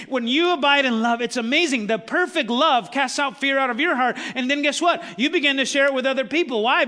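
A man's voice: very high-pitched, sharp tone. A male pastor preaching a sermon in a church, conversational and full of rhetorical questions. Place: church sanctuary. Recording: long church hall reverb.

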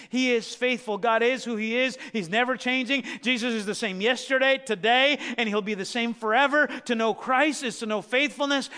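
Pastor, male, high bright voice, animated sermon delivery that acts out characters, long hall reverb. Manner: animated storytelling, acting out biblical characters.

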